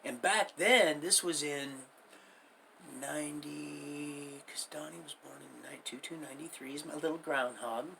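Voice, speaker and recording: A man's voice: a little high, a little slow, creaky, sharp tone, a little hiss or hum. A middle-aged man hosting a livestream, telling his life story in a rambling, folksy way and drifting into preaching at his viewers. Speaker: livestream host.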